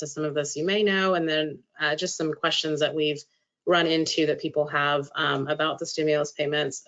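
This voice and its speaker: A woman presenting legal information in a webinar, explaining at length and filling pauses with "um". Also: sits low, a bit bright. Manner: explanatory, many filler "um"s. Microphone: video call. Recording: dull lo-fi call audio.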